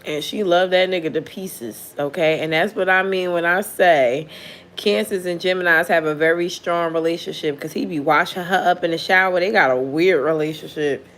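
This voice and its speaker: A woman's voice: fairly low pitch, normal speed, a bit bright. A woman who reads tarot, telling a story in casual chat with blunt, profane talk and frequent laughter. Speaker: tarot reader.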